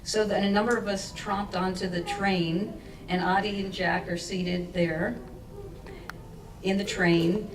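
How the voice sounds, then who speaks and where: A woman's voice: mid-range voice, fairly even intonation, measured pace. A woman from India telling a personal anecdote to a group of friends in a chatty way, laughing often and using many fillers. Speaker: storyteller at a gathering of friends. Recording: echoey room, recorded from a distance.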